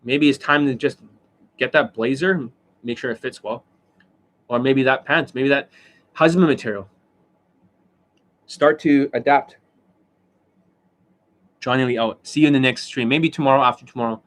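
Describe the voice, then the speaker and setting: A man's voice: mid-range voice, normal speed, long pauses, a bit bright. A man ranting as a dating coach on a livestream, profane and mocking, who keeps demonstrating and asking whether you see it. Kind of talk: livestream rant.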